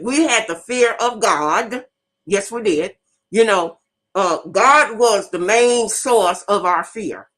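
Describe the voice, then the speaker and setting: A woman's voice: mid-range voice, a bit bright, rough recording. A middle-aged woman hosting an online radio talk show, telling stories bluntly and speaking straight to her listeners. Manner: storytelling, addresses audience directly, emphatic and blunt. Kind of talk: casual monologue to listeners.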